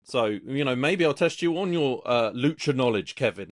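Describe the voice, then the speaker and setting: A man's voice: medium pitch, expressive, normal speed, no room sound. Guy co-hosting, rambly storyteller, mid voice, dry close sound. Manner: rambling, many fillers and restarts while storytelling. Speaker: podcast co-host. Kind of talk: casual podcast chat.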